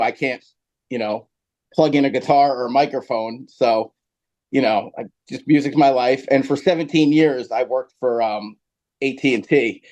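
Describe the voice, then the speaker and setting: A man's voice: medium pitch, rough recording. A man from New Jersey, a podcast guest, telling a long story in casual chat, full of fillers and asides. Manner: rambling, animated storyteller with many fillers.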